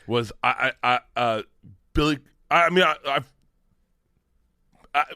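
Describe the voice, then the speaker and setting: A man in his forties telling stories on a podcast, animated and profane, laughing as he talks. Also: mid-range voice, unhurried, clean tone, no room sound, clean studio sound. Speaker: guest storyteller. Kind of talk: casual podcast storytelling.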